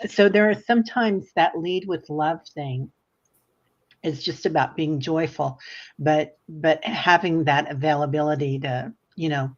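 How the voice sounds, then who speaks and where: A woman with a notably low voice talks animatedly as a psychic guest on a livestream. She tells stories in a chatty way with plenty of fillers. Her audio sounds muffled and lo-fi. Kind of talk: livestream conversation.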